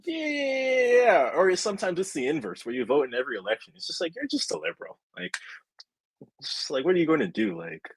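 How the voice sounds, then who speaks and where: Husky young man chatting casually. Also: a little high, fast, no echo, low-quality recording. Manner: rambling, lots of fillers, animated. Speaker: guest, state house candidate. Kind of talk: casual chat.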